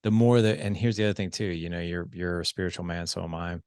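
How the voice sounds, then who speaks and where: A male podcast host speaks in a reflective, affirming way as he winds toward his closing question. His voice is low with a gravelly edge and a good deal of fry. The sound is dry and close-miked. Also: fast talker, a little mellow, dry recording. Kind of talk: interview talk.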